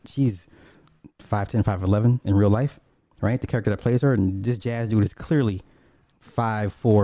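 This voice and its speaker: A man's voice: mid-range voice, warm tone, dry recording. A man casually retelling a TV episode, rambling and profane, with many restarts and asides.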